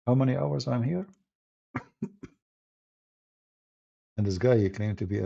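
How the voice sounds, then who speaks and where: Gravelly man with an Arabic accent. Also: medium pitch, measured pace, long pauses, dark tone. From Middle East. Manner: emphatic, combative, broken phrasing with restarts. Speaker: apologist hosting a live stream. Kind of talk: live stream monologue. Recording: dull lo-fi stream audio.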